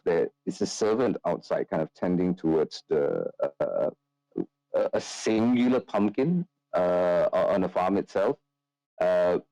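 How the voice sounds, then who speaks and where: A man narrating as game master of a tabletop game, in a loose, relaxed way with many fillers. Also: low-pitched, dry recording, low-quality recording.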